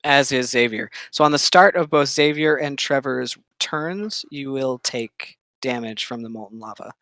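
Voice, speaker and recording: A game master running a tabletop game over a call, easygoing and quick to laugh. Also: medium pitch, fairly bright tone, dry recording.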